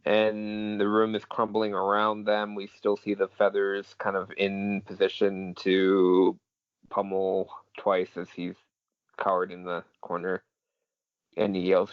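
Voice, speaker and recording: A man on a podcast recapping a comic chapter scene by scene, steady and matter-of-fact. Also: low voice, slow pace, clean tone, no echo. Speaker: podcast co-host. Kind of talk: summarizing a comic chapter aloud. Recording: dry, dull lo-fi audio.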